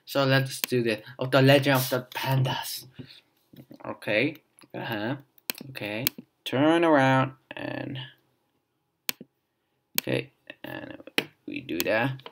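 Man muttering over a game, gravelly, lively pitch. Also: measured pace, pauses often, noisy background. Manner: frustrated muttering, swings between loud outbursts and quiet whispers. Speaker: gaming video host. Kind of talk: casual gameplay commentary.

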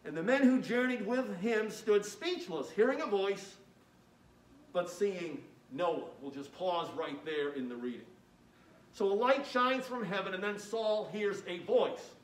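A man's voice: sits high, expressive, a little slow. A man preaching a sermon as pastor, reading scripture aloud with rising emphasis and explaining it plainly, with frequent "uh" fillers, recorded from a distance in a church. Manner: uses fillers like "uh" often. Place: church sanctuary. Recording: echoey church room from a distance.

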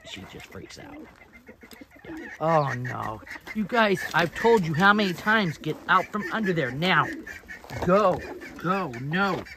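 A woman's voice: low voice, background noise. Chatty woman scolding her chickens outdoors. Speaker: small farm vlogger. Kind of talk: casual vlog narration while doing chores. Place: outdoors at chicken coops on a small farm. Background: clucking chickens and birds.

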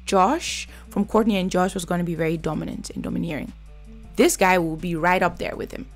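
A woman's voice: lowish voice, a little fast, faint music behind. A woman giving blunt, chatty commentary while reviewing a reality TV episode. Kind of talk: casual reaction commentary.

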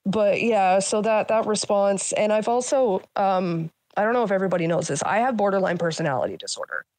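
A woman's voice: medium pitch, lively intonation, a little fast, darkish tone, no echo. A woman in her thirties recounting painful family memories as a guest, blunt and candid, swearing often, with many fillers. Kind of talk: candid personal storytelling.

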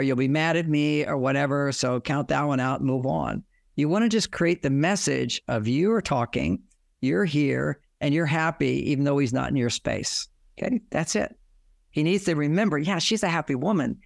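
A man's voice: fairly high pitch, creaky, no echo, studio quality. A man giving relationship advice in a rambling way, acting out quoted lines as he goes. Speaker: relationship author and guest. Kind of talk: advice talk.

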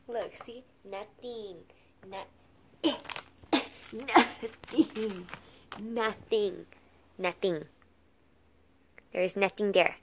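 Slow-talking woman teasing her dog. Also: medium pitch, fairly bright tone. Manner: playfully scolding, teasing. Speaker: dog owner. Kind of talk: casual talk to a pet on camera.

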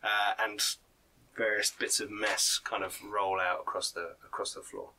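A man's voice: on the low side, little pitch movement, a little slow, background noise. A man narrating as game master, describing combat in vivid, gory detail.

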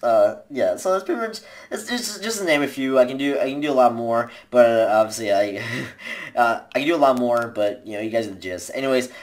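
A woman's voice: rumbling low, fast talker, darkish tone. A young woman giving casual, rambling tips to viewers in a home video, with lots of fillers and restarts. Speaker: vlogger.

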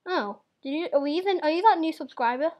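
A woman's voice: sits high, expressive, quick pace, dull audio. A young woman, in her teens, hosting a casual gaming video with chatty, giggly, teasing talk. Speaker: gaming channel host.

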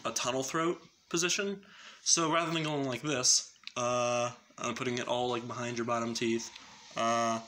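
A man's voice: mid-range voice, fairly even intonation, moderate pace, pushed and bright, a little hiss or hum. A man casually explaining extreme metal vocal technique in a loose, rambling way, with lots of fillers. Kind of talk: casual spoken tutorial.

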